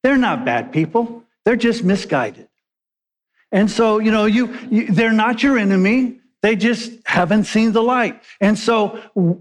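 A man's voice: high voice, expressive, a little slow. A man preaching a sermon, a pastor telling stories in a conversational way with joking asides. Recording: long hall reverb.

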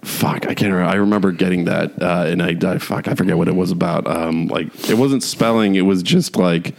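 A man's voice: deep voice, brisk, creaky. A man in casual, profane banter who rambles and laughs often.

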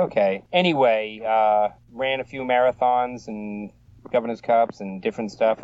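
An interview guest in his sixties from the Boston area tells rambling, self-deprecating stories in a Boston accent. His voice is lowish and a little mellow. The mic sounds dull, dry, and slightly distant.

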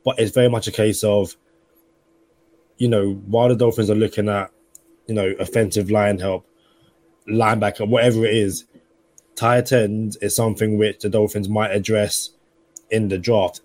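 This London man, from England, co-hosts a sports podcast, chatting casually and thinking aloud with lots of "you know." His voice is fairly low, steady and a little mellow, at a moderate pace with no echo.

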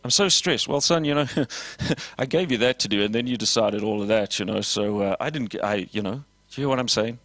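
A man preaching a lively sermon as pastor, voicing little dialogues and asking the congregation questions. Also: fairly low pitch, a little fast, dry recording. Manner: animated preaching with acted dialogue and audience questions.

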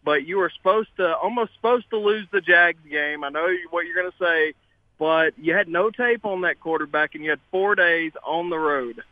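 Dude calling into sports radio over a tinny phone line, pretty sure of himself. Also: male voice, fairly high pitch, normal speed, no echo. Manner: confident, insistent. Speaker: caller. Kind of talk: call-in radio talk.

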